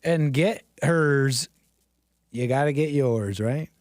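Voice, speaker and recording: A man's voice: medium pitch, slow pace, a little mellow, no echo. A man streaming casual commentary over video clips, rambling and sarcastic, with frequent restarts.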